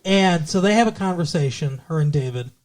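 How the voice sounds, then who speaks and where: A man's voice: a little high, lively intonation, brisk. A man co-hosting a podcast, chatting jokily and rambling as he recaps a TV episode. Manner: jokey, rambling, slips into put-on accents and quoted voices. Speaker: podcast co-host. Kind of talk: casual chat recapping a TV episode.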